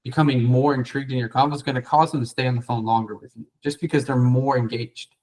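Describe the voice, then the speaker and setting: A man's voice: medium pitch, steady tone, quick pace, darkish tone, poor audio. A man coaching a trainee on cold calls, blunt and profane, acting out the lines of callers and sellers. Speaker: sales coach. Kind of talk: coaching feedback after a sales role play.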